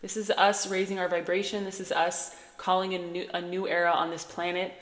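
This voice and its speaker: A woman's voice: lowish voice, level tone, fairly quick. A woman giving spiritual guidance in a casual, earnest, reassuring way, talking straight to her listeners. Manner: earnest, conversational, reassuring, with fillers and asides. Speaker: spiritual channeler. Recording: echoey room with long reverb.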